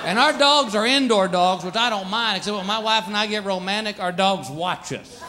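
A man doing stand-up comedy with punchy, animated storytelling. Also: sits high, moderate pace, noisy background.

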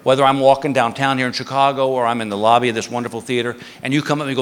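A man's voice: mid-range voice, steady tone, very fast, hardly any pauses, clean tone. A man in his fifties telling a stand-up comedy story on a theater stage, acting out the voices of the people in it. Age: 50s. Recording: live theater with long reverb.

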